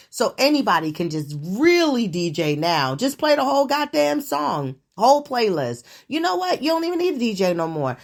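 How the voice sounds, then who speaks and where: A middle-aged woman sounds off on her solo show, cursing freely and sounding disbelieving. Her pitch swings widely from low grumbles to high squeals. She stammers, restarts and laughs as she rants. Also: sing-song, normal speed, hardly any pauses. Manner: profane, ranting, incredulous. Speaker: show host. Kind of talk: solo commentary on current events.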